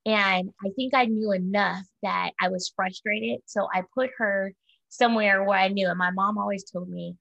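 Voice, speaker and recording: A woman in her forties with a gravelly, fry-laced voice shares a personal memory candidly. Her telling is reflective and unguarded, as a co-host in casual conversation. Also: medium pitch, steady tone, moderate pace, a bit bright, muffled recording. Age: 40s. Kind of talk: personal storytelling in casual chat.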